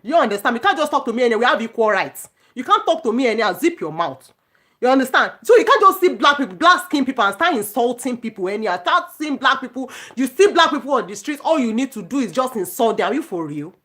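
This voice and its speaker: Fast-talking and very animated, a middle-aged woman rants to her viewers in a casual vlog, her voice on the high side and fairly bright. She's indignant and emphatic, repeating things for force.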